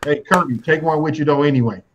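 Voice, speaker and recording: A man's voice: a little high, fast, crowd noise. A man co-hosting a live online talk show, joking and calling out to viewers. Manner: joking, shout-outs to viewers. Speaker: co-host. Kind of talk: casual live-stream chat. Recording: dull lo-fi line.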